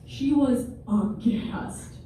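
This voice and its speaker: A woman's voice: high voice, drawn-out words, dark tone. A woman in her twenties doing a stand-up comedy set in front of a live audience, wry and self-deprecating, with playful asides. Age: 20s. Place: large room with a live audience. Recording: very echoey hall, distant, noisy.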